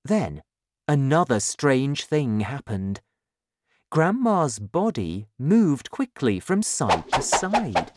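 A woman narrating a children's storybook in a slow, clear, expressive reading. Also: a bass voice, dry recording.

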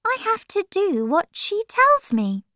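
A woman voicing a polite, shy little English girl in a storybook reading, speaking high and carefully. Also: huge pitch swings, slow pace, pushed and bright, no echo, studio quality, exaggerated voice. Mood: timid.

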